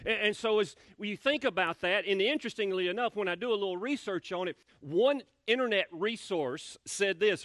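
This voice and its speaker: A man's voice: high-pitched, a bit bright, dry recording, studio quality. A male pastor preaching a sermon in a church, talking conversationally, repeating words and asking the congregation questions. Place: church sanctuary.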